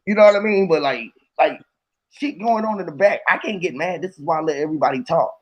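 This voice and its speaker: A man hosting a casual chat, rambling and animated, swearing freely in slangy talk. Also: on the high side, fast. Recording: dull lo-fi audio.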